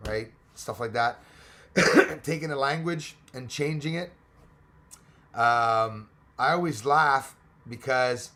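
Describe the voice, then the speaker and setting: A man hosting a casual live-stream chat, rambling and excitable, thinking aloud as he reads from the screen. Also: mid-range voice, vocal fry.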